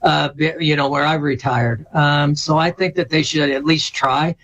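Middle-aged male guest, slightly high voice, hesitant and stop-start, earnest interview answers. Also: fairly even intonation, a bit bright, muffled recording. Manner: halting, many fillers and restarts. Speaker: veterans service officer.

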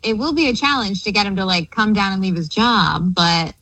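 A woman's voice: mid-range voice, lively intonation, brisk, sharp tone, dry recording, highs cut off. A young woman calling into a radio show, chatting casually and hesitantly, with many fillers. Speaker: caller. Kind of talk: casual phone-in chat.

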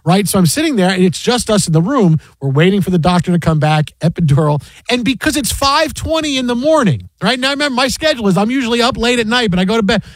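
A man with a high voice hosts sports talk radio. He tells stories with energy and throws his voice up to act out quotes. The sound is close and dry. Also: quick pace, hardly any pauses, no echo. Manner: animated storyteller, acts out quotes in a high voice.

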